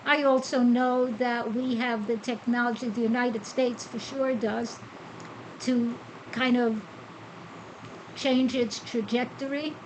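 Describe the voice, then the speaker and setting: A high-pitched woman hosting a spiritual podcast, chatting freely and answering her own rhetorical questions. A faint noise hum sits under her voice. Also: fairly even intonation, slow pace, rough recording. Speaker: podcast host. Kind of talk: casual spiritual podcast talk. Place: Costa Rica.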